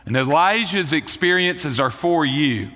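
Bright-voiced male preacher in a reverberant hall. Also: fairly high pitch, expressive. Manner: preaching with rising emphasis and slowed dramatic phrasing. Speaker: pastor. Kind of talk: sermon.

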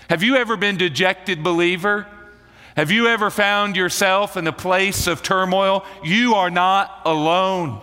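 A male pastor preaches a sermon in a bright, forceful voice pitched a little high. He leans into key words and slows his phrasing for drama. His voice rings out with the long reverb of a large hall. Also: smooth. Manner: preaching with rising emphasis and slowed dramatic phrasing.

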